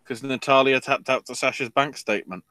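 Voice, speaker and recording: A man's voice: medium pitch, a little fast, sharp tone, a little hiss or hum. A man co-hosting a podcast, rambling through wrestling news in a casual chat full of fillers. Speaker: podcast co-host.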